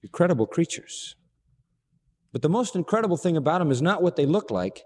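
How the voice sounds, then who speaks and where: A man preaching a sermon, expressive, asking rhetorical questions and acting out dialogue. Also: fairly high pitch, a little fast. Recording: long reverb of a large hall.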